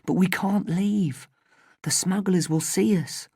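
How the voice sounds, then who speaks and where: A woman's voice: fairly low pitch, slow pace, creaky, a little mellow, breathy edge, no room sound, clean studio sound, full character voice. A woman reading the lines of a worried young boy in a children's story. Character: young boy, anxious friend.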